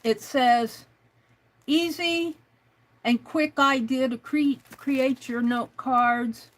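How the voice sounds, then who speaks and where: A woman's voice: sits high, fairly even intonation, extremely slow, low-quality recording. A woman hosting a crafting livestream in casual chat, thinking aloud and reading out chat messages as she works.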